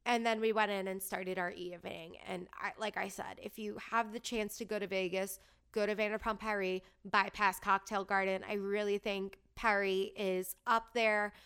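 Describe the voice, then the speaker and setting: A woman's voice: mid-range voice, level tone, normal speed, a bit bright, clean tone. A woman in her thirties telling a story in a casual, chatty way, gushing and peppering her talk with "like". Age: 30s. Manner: bubbly, gushing, lots of "like".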